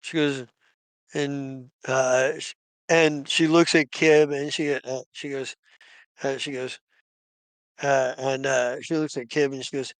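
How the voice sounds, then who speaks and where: A man running a tabletop game as game master, narrating in a halting way with many restarts. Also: medium pitch, flat delivery, no room sound.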